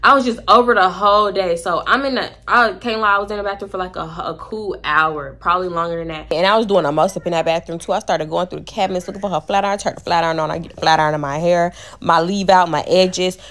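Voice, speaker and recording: A young woman telling an animated, candid storytime vlog, slangy and profane. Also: fairly low pitch, fast, hardly any pauses. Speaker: vlogger.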